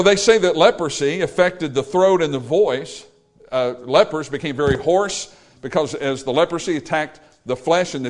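Male preacher, slightly high voice, sermon delivery that swings between loud and hushed. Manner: dynamic, swinging from loud exclamations to low quiet lines.

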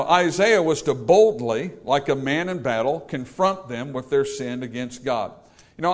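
A man preaching a sermon to a congregation, emphatic and full of rhetorical questions. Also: medium pitch. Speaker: pastor. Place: church service.

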